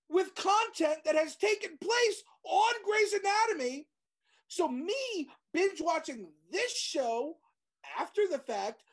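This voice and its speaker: Brief: high-pitched woman podcast co-host, crude, fired-up ranter. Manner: profane, animated ranting. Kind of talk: casual chat.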